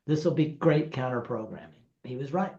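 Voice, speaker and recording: A screenwriter recounting studio anecdotes, lively and acting out the people he quotes, laughing as he goes. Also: mid-range voice, a little fast. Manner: animated, acts out quoted voices, laughs through stories. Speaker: screenwriter guest. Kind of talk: anecdotal storytelling. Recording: roomy, dull lo-fi sound.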